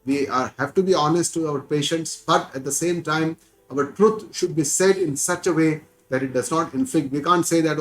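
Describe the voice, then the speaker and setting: A man's voice: on the high side, soft background music, low-quality recording. Earnest Indian man teaching scripture. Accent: Indian English. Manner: earnest, repeats words for stress, chants verses slowly. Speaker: Gita teacher. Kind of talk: spiritual discourse.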